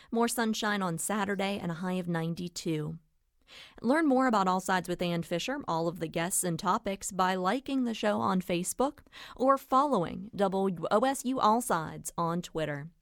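A woman's voice: on the low side, dry recording, studio quality. A woman radio announcer reading weather and station promos. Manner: crisp, read-out.

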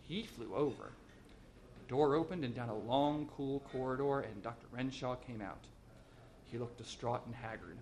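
A man reading a short story aloud as narrator, in an even, measured way. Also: mid-range voice.

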